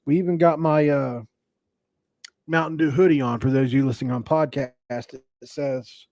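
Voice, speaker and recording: A man's voice: mid-range voice, steady tone, moderate pace, vocal fry, darkish tone, no echo. A man hosting a sports podcast in a casual, rambling way, with restarts and jokey asides. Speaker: podcast host.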